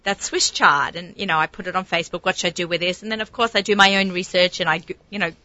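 A middle-aged woman hosting a radio show, talking eagerly with lots of fillers and restarts. Her voice is bright and a little low, and the sound is dry and dull. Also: fairly even intonation, fast talker, no room sound. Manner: chatty, enthusiastic, many fillers and restarts. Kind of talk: casual chat.

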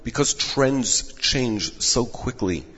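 A man who directs rabbinic placement, giving measured advice in an interview while losing his voice. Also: medium pitch, expressive, a bit bright, husky. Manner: measured, advising. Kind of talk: explanatory interview answers. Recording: echoey dull room audio.

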